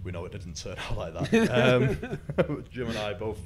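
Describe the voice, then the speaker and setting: A man's voice: fairly low pitch, huge pitch swings, measured pace, a crowd in the background. A man hosting a casual podcast chat, rambling through stories and swearing freely. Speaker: host.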